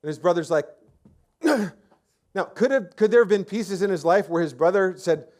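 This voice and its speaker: A man's voice: high-pitched, normal speed, a little mellow. A man preaching a sermon as pastor, telling the story in a casual, chatty way with lots of fillers and restarts. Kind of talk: conversational sermon.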